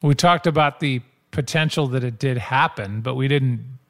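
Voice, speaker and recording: A man's voice: mid-range voice, normal speed. A man co-hosting a podcast in casual chat, with a teasing manner. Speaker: podcast co-host.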